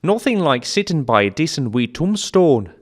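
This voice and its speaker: A man voicing an older grandmother who talks in a brisk, matter-of-fact, folksy way. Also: on the high side, very animated, pitched above the performer's own voice. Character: older woman, a practical grandmother.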